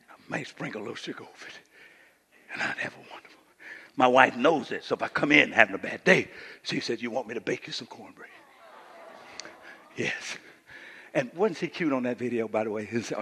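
A man from Louisiana, preaching a sermon as pastor and swinging between quiet asides and shouted lines. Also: medium pitch, breathy edge. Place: church sanctuary. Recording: live church hall reverb.

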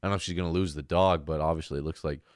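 A man's voice: very deep voice, fairly even intonation, racing, no room sound, studio quality. A man co-hosting a casual podcast chat, telling stories loosely with lots of swearing and acted-out quotes. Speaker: podcast co-host.

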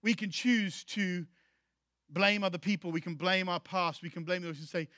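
A man's voice: high-pitched, steady tone, normal speed, bright, forceful tone, no echo, clean studio sound. A man preaching a sermon to his church, emphatic and repeating key phrases for effect. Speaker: pastor.

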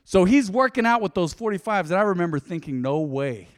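A man with a slightly high voice preaches from the pulpit, telling his story the way he would talk to friends. He pushes hard on some points, then drops to a near hush. His voice rings out with the long reverb of a big hall. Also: expressive, a little fast. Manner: conversational storytelling, swings between loud emphasis and soft asides. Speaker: pastor. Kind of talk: sermon with a personal story.

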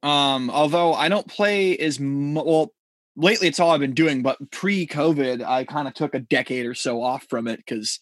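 Male co-host from Connecticut, fairly high voice, dry close sound, loose and joking. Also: moderate pace, dry recording. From Connecticut, USA. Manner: rambling, joking, swears casually. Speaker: podcast co-host. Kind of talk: casual chat.

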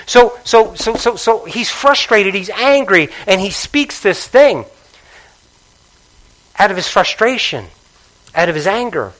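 A man preaching a sermon with passion, dropping to a hush and then rising to call out to the congregation. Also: high-pitched, expressive, a little slow, pauses often, rough recording. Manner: passionate, swings between hushed and loud, calls out to congregation.

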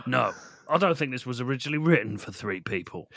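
Gravelly dry-witted man, comedy podcast. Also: medium pitch, lively intonation, fast, fairly bright tone, no room sound. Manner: dry, reads lines literally. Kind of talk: casual comedy chat.

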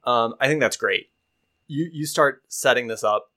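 Brief: male game master, relaxed narration, filler-heavy. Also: mid-range voice, moderate pace. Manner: casual, hesitant, many fillers.

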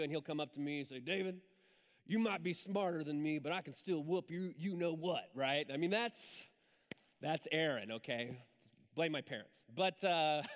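A high-pitched pastor preaches a sermon in church, telling a story in a lively, conversational style and tossing asides to the congregation. The recording carries hall reverb.

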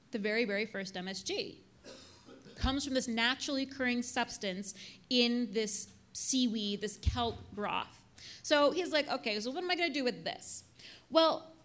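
A woman's voice: a little high, fairly bright tone. A woman presenting a talk with slides, telling the story casually with asides and fillers. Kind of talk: live talk to an audience with slides. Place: venue in a big city.

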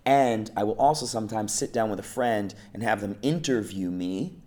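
A man, an acting coach giving casual, animated advice in an interview, often checking in with "right?" and "you know". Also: lowish voice, moderate pace.

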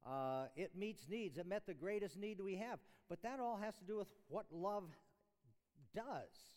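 A man's voice: sits high, lively intonation, unhurried, darkish tone. A man giving a chapel sermon, teaching conversationally and asking the room rhetorical questions. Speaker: chapel speaker. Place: large chapel. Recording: long hall reverb.

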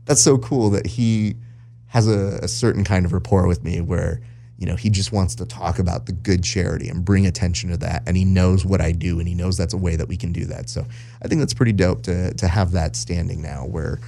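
A man hosting a podcast, telling stories in casual chat and acting out quoted voices with lively jumps in pitch. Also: brisk, vocal fry. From Southern California. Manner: animated storyteller, acts out quotes. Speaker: podcast host and jiu-jitsu broadcaster.

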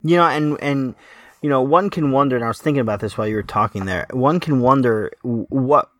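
A man chatting casually about football as a podcast co-host and Napoli supporter speaks at a middle pitch, his emotion making him halt and start over many times. The sound is close, dry and a little bright, with no room around it.

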